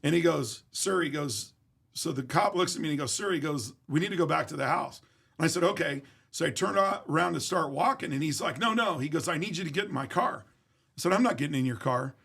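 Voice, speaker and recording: Gravelly-voiced man telling a blunt story. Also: on the high side, a little fast, fairly bright tone. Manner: blunt, profane, emphatic retelling. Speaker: guest. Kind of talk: casual storytelling.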